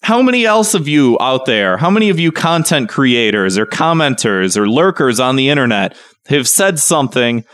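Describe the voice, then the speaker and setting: A man co-hosting a casual podcast, telling a story with mock outrage that climbs toward near shouting. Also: medium pitch, big pitch swings, normal speed, no echo. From Chicago. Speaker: podcast co-host.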